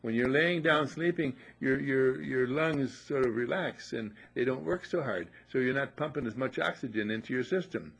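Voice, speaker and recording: A man's voice: medium pitch, moderate pace, creaky, hardly any pauses, a bit bright, breathy edge. An older man telling folksy stories in a casual motivational talk, repeating upbeat affirmations. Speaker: motivational speaker.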